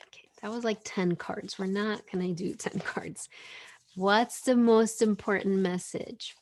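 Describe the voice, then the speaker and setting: A woman's voice: mid-range voice, fairly even intonation, unhurried. A woman hosting an online spiritual gathering, reading oracle cards to the group in a casual, gushing, enthusiastic way over a video call.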